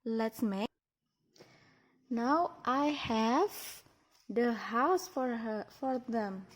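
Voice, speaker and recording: A woman preschool teacher with an Indonesian accent, talking to toddlers in a slow, sing-song, encouraging way. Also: fairly high pitch. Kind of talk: toddler lesson. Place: classroom, indoors.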